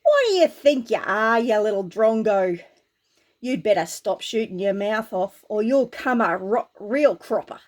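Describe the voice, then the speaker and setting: A woman's voice: mid-range voice, expressive, unhurried, close to an everyday voice. A woman with an Australian accent voicing an older brother soldier who scolds with contempt. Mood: scolding.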